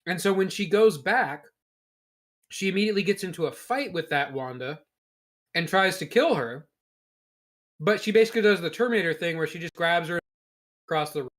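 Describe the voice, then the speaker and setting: A man's voice: high-pitched, lively intonation, a little fast, pauses often, fairly bright tone. A man co-hosting a podcast in casual chat, explaining at length in a blunt way and swearing freely. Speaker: podcast co-host.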